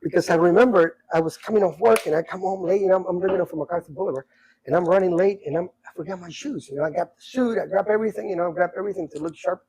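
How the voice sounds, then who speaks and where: A middle-aged man telling stories from his life in a casual chat, animated and repeating himself as he acts out what people said. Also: sits high, very fast, slightly rough, poor audio. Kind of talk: casual storytelling.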